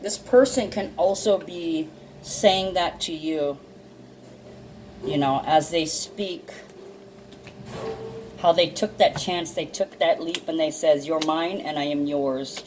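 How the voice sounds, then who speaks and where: A low-voiced woman gives a casual tarot reading to her viewers, drawing oracle cards slowly with long pauses and a somewhat mellow tone. She sniffles and tears up, laughs easily, and swears freely, while a faint room hum sits under the rough recording.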